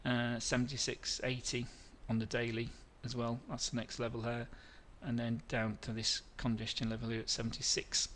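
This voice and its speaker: A middle-aged man hosts a live trading webinar with a bright, forceful voice. He rambles through charts at a mid pitch, restarting phrases and answering viewer questions as he goes. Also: completely flat delivery, normal speed, hardly any pauses, a little hiss or hum.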